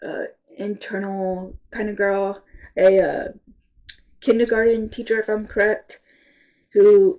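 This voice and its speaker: A woman reviewing books in a casual, rambling chat, halting often and sounding congested from allergies. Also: mid-range voice, a little mellow, highs cut off. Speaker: book reviewer.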